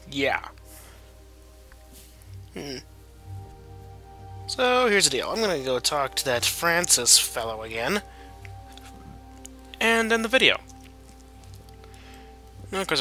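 Young man, let's play commentary, chatty, joking, very bright tone, faint game music. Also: medium pitch, animated, slow, pauses often. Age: young adult. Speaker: gameplay commentator.

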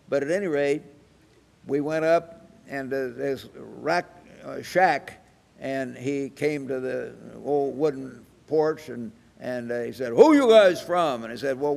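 A man's voice: mid-range voice, gravelly. A man in his eighties preaching a sermon, telling folksy anecdotes with chuckles. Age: 80s. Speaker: church evangelist preaching. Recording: reverberant hall sound.

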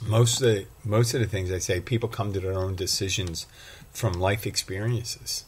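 A man's voice: low voice, steady tone, moderate pace, a little hiss or hum. A male bartender hosting his own podcast, talking alone in a rambling, self-deprecating way. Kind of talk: casual solo monologue.

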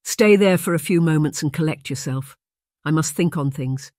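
A narrator voicing a big, commanding Highlander man with a Scottish accent and blunt, authoritative speech in an audiobook. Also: normal speed, a little mellow, no room sound, clean studio sound, close to an everyday voice. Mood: steady. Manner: commanding, blunt, dialect words. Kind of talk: audiobook character voice.

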